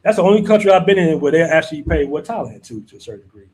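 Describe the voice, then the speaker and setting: Male live-stream host, slightly high voice, laid-back and slangy. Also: animated, racing, a little mellow, slight background noise, rough recording. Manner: laid-back, slangy, keeps asking "you know what I'm saying". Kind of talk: casual live-stream chat.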